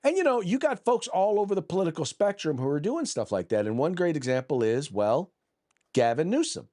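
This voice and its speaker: A man's voice: fairly high pitch, big pitch swings, a little fast, mellow. A man hosting a political podcast, combative and blunt, who reads news articles aloud, often restarts and repeats words. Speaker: podcast host.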